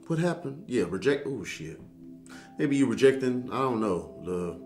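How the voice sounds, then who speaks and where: A man's voice: medium pitch, animated, moderate pace, darkish tone, faint music behind. A man giving a casual tarot reading, talking straight to the viewer in a sassy, blunt and profane way. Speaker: tarot reader.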